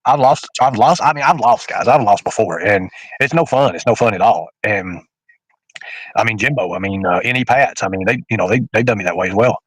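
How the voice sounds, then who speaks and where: A man's voice: lowish voice, expressive, a little fast, slightly rough, no room sound, rough recording. A man, a livestream host rambling in casual chat with fillers and restarts.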